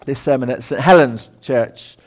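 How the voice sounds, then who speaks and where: A man delivering a sermon in an easygoing, conversational way, with fillers and asides. His pitch sits in a middle range, and he often drops his voice to a hush. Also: moderate pace. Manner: conversational, with many ums and asides, dropping to a hush at times. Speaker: preacher. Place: lecture room.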